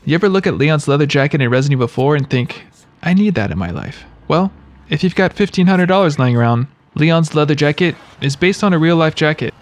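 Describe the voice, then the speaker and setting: A man's voice: on the high side, fast. A man giving scripted video-game trivia narration, with wry, joking asides.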